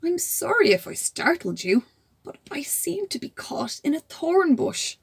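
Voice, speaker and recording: A woman voicing a huge, gentle male giant who speaks politely and apologetically. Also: sits high, very animated, measured pace, gravelly, pitched above the performer's own voice, heavily acted. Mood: sheepish. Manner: polite, sheepish.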